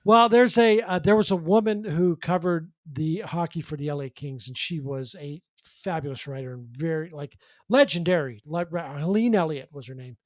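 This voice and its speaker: A man with a high voice tells press box stories on a sports podcast, bouncing between quick bursts and quieter asides. He acts out the people in his stories and restarts his sentences often. The sound is close and dry, with almost no room around it. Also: dry recording. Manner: animated storyteller, acts out quoted voices, many restarts. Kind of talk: casual storytelling chat.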